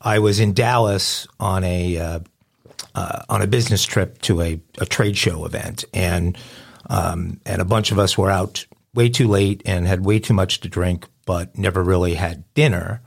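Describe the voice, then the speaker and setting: A man's voice: sits low, steady tone, normal speed, gravelly. A man, co-hosting a podcast and telling a rambling, self-amused story in casual chat. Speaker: podcast co-host.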